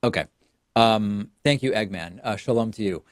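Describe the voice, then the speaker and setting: A man's voice: lowish voice, normal speed, no room sound. Emphatic male political show host, dry studio sound. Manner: emphatic, sardonic.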